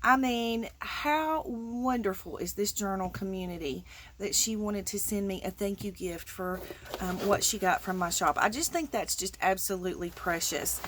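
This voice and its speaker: A woman's voice: medium pitch, normal speed, fairly bright tone, slight background noise. A middle-aged woman from Georgia with a Southern accent, chatting casually and effusively to her viewers. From Georgia, USA. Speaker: crafting vlogger. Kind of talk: casual chat unboxing mail.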